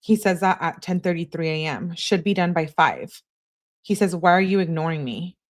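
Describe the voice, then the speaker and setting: A woman's voice: fairly low pitch, moderate pace. Scornful young woman reading texts aloud. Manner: blunt, scornful asides. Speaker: true crime commentator. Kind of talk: reading text messages aloud with commentary.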